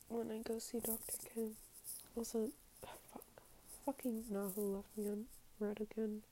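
A woman's voice: on the high side, fairly even intonation, normal speed, mellow, a little hiss or hum, low-quality recording. A woman recording a casual, confessional podcast episode. She talks candidly and with plenty of swearing, reads her text messages aloud, and sometimes drops to a whisper.

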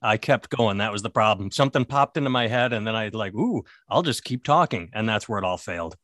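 A man's voice: on the low side, fast, a bit bright, no room sound, clean studio sound. A man who is a stand-up comedian co-hosting a podcast, rambling and sardonic in casual comedic chat. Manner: rambling, sardonic, self-mocking.

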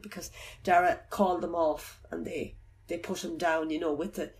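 Middle-aged mum in an interview, gravelly and halting, soft reflective voice. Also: female voice, lowish voice, fairly even intonation. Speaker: bereaved mother telling her story. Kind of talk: personal account in an interview.

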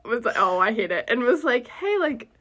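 A young woman in her twenties hosts a casual chat, her voice bright and sharp. Her pitch swings a lot as she laughs her way through stories, full of fillers. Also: sing-song, normal speed, a little hiss or hum. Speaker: podcast host.

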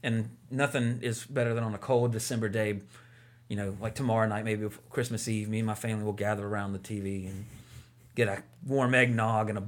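A man's voice: fairly low pitch, steady tone, brisk. A man co-hosting a casual movie podcast, talking enthusiastically and rambling with lots of fillers. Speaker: podcast co-host.

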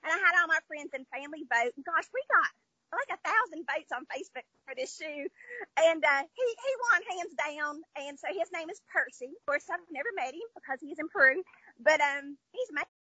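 A woman's voice: sits high, expressive, brisk, pushed and bright, dry recording, rough recording. A woman with a Southern American twang, a children's book author chatting upbeat in an interview, with many fillers. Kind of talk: casual interview chat.

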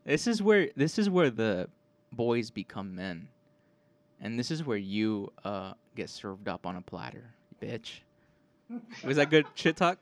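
A man's voice: on the low side, sing-song, measured pace, slight background noise. A young man freestyling a joking rap battle with a friend, laughing a lot and stalling with ums.

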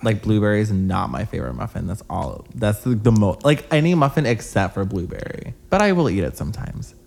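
A young man with a low, gravelly voice chats on a podcast, his pitch swinging up and down as he talks. He leans on "like" constantly and swears in an offhand way. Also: sing-song, brisk, a little mellow. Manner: chatty, filler-heavy, swearing casually. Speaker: podcast co-host. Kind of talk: casual podcast chat.

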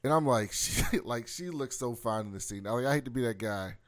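A man's voice: medium pitch, a little fast, heavy background noise. A man co-hosting a casual TV recap chat, often laughing and acting out characters' lines. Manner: laughing, acts out quotes. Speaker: podcast co-host.

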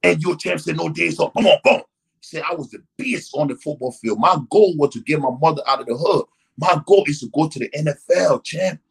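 A man with a slightly husky, raised-pitch voice spins a long story in casual conversation. He acts out everyone in it, with big swings in loudness, and keeps checking in with "you know what I mean". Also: fairly quick, rough recording. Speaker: guest.

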